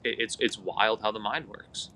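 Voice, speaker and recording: A man's voice: fairly low pitch, moderate pace, sharp tone. A man who coaches athletes, co-hosting a podcast in casual conversation and telling stories in which he quotes his athletes. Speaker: hitting coach and podcast co-host.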